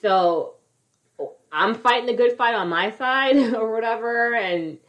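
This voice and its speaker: A woman's voice: on the high side, a little slow, fairly bright tone. A woman in her thirties co-hosting a podcast, chatting casually, swearing freely and laughing often. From California. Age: 30s. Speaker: podcast co-host. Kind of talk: casual chat.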